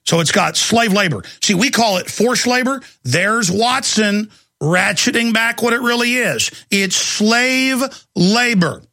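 A man's voice: sits high, animated, a little slow, gravelly, sharp tone, no echo, clean studio sound. A man hosting a talk show, delivering an emphatic, alarmist rant. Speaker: talk radio host. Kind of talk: ranting commentary.

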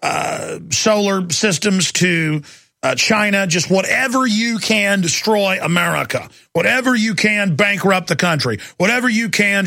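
A man hosting a talk show delivers an angry, sarcastic rant. His voice is high and gravelly. It has a bright, forceful edge. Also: animated, unhurried, dry recording, studio quality. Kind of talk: ranting talk show monologue.

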